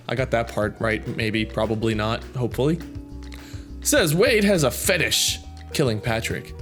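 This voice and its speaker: A man reading viewer comments aloud in casual chat, goofy and prone to loud silly outbursts, with a slightly sore throat. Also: mid-range voice, normal speed, soft background music.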